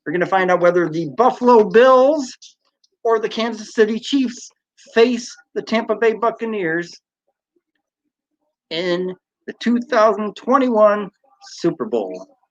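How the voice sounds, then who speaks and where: A man's voice: sits high, expressive, measured pace. A man hosting a casual live stream from home, chatting and reading out viewer comments. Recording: slightly dull lo-fi sound.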